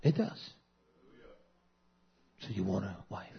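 A man in his fifties preaching a sermon, swinging between loud fervent passages and soft, intimate asides. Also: lowish voice, sing-song, unhurried, gravelly, pauses often, breathy edge, muffled recording.

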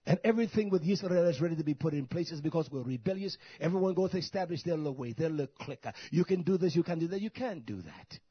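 A man preaching a sermon in an emphatic style, repeating his phrases and moving between quiet talk and loud outbursts. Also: a little high, expressive, fast, few pauses, slightly rough, no echo, muffled recording.

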